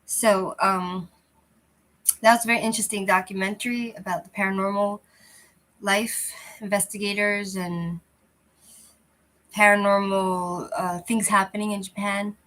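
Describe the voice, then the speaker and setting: A woman's voice: mid-range voice, level tone, measured pace, pauses often, a bit bright, rough recording. A woman hosting a casual livestream chat, rambling and restarting as she talks to viewers through a cheap, lousy microphone. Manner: rambling, loose and chatty, often restarting. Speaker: channel host chatting with viewers.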